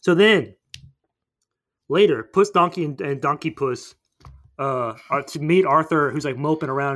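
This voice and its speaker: A man's voice: on the high side, normal speed, long pauses, a bit bright. Man rambling through a movie recap. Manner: rambling storytelling, acting out characters. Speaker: podcast co-host. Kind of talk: casual movie recap chat.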